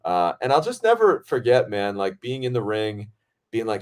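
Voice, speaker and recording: Excitable low-voiced man telling stories. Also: fairly quick. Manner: excitable, animated, swears freely. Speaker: podcast host and film director. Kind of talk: casual storytelling chat.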